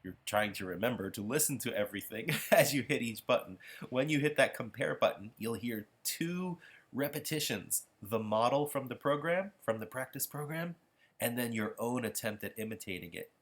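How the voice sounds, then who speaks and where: A man giving a patient, explanatory pronunciation lesson while walking through practice software. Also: medium pitch, lively intonation, moderate pace. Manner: patient, explanatory, self-correcting. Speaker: pronunciation instructor. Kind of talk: software demonstration tutorial.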